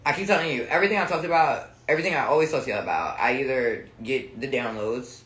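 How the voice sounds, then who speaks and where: A woman's voice: a bass voice, fast talker, fairly bright tone. A woman tarot reader chatting casually on a live stream at home, blunt and profane. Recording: roomy echo.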